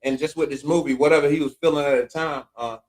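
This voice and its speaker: A man's voice: fairly high pitch, steady tone, fast, rough recording. Laid-back man hosting a podcast. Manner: laid-back storytelling, talks to listeners directly. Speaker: podcast host. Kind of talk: casual chat.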